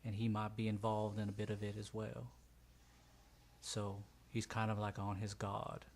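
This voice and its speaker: A man voicing a guarded male go-between who passes on news in a slow, measured way during a tabletop game. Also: fairly low pitch, completely flat delivery, vocal fry, a little mellow, slight background noise. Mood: matter-of-fact.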